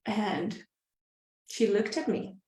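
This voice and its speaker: A middle-aged woman speaking earnestly and reflectively, in a voice of ordinary pitch for a woman. She circles back over her phrases and sometimes sinks to a soft, quiet tone. The room around her rings with echo. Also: steady tone, slow pace. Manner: drops to a soft, quiet voice at times. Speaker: live stream host. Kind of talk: personal storytelling on a live stream. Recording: roomy echo.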